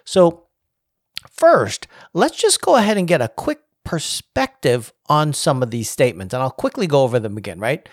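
A man giving casual spoken commentary on leadership, emphatic and climbing higher in pitch as he presses a point. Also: big pitch swings, moderate pace, no echo, studio quality. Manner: emphatic, rises in pitch when making a point.

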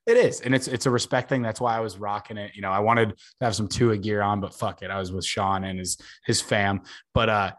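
A man's voice: on the low side, a little fast. A young man chatting casually as a podcast host, telling stories with energy, swearing freely and acting out what others said. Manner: animated storyteller, swears freely, acts out quotes. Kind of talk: casual chat.

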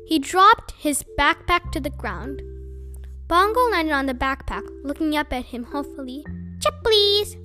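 A woman reading a children's book aloud as host of her own storytime, in an expressive, animated way. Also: sits high, moderate pace, faint music behind.

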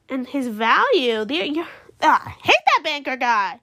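Young woman, high voice, casual recap chat, animated, indignant. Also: unhurried. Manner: animated, indignant, acts out characters in quotes. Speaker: show reviewer.

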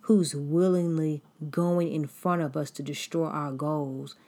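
A woman preacher with a low, husky voice delivers her sermon at an unhurried pace. She builds her points through repetition and deliberate emphasis, and her cadence steadily drives each phrase home. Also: steady tone, dark tone.

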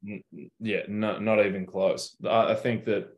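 A man's voice: lowish voice, fairly even intonation, normal speed, highs cut off. A young Australian man telling stories in a casual interview, laid-back and slangy with plenty of swearing. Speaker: guest basketball player.

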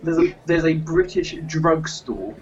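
A man's voice: a little high, lively intonation, a little slow, dull audio. A man in casual chat who jokes and laughs often.

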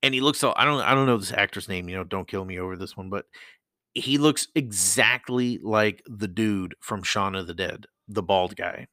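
A man's voice: on the low side, moderate pace, pushed and bright, no room sound. A man hosting a casual solo podcast, rambling and swearing as he talks into a close mic. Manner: rambling, profane, laughs often. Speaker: podcast host.

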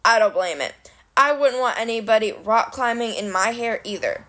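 A woman reads a novel aloud in animated storybook narration. Her delivery is wry, and her voice sits fairly high. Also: normal speed. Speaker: reader of a novel.

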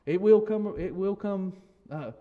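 A man preaching a sermon in a fairly high voice. He talks in a loose, conversational way, full of restarts and asides. Then he pushes his points home with emphatic, rising declarations. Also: a little slow, narrow, tinny audio. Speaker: pastor.

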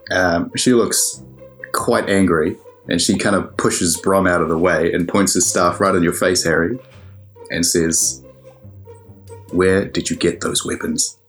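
Low voiced guy running a tabletop game, laid back, lots of ums, bit of music behind. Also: measured pace. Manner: relaxed, laughs often, describes scenes with fillers. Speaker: game master.

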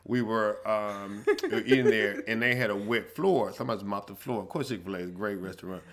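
A man co-hosting a podcast, telling stories in an animated way and laughing often. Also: on the low side, fairly quick. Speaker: podcast co-host. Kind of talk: casual chat.

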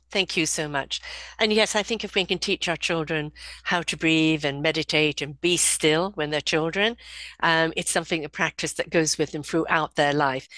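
A woman's voice: sits low, a bit bright, no echo. An older woman hosting an author panel, speaking in a reflective, heartfelt way. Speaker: host and book contributor. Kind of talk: casual online panel talk.

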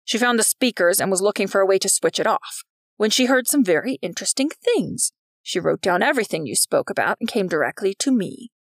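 A solemn, self-important older vice principal with a gravelly edge to his voice, as a woman puts him on. He talks gravely and portentously. The recording is dry and close. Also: mid-range voice, lively intonation, a little fast, dry recording. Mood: lecturing.

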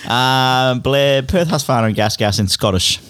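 A man's voice: mid-range voice, moderate pace, fairly bright tone. An Australian man hosting a podcast, reading out prompts and laughing along. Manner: reads out cues, laughs easily. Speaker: podcast host. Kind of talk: casual podcast banter.

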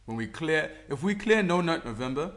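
A man's voice: on the high side, lively intonation, a little fast, a bit bright. A young man co-hosting a casual podcast, telling stories and joking with his friends. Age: young adult. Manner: joking, storytelling banter. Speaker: co-host.

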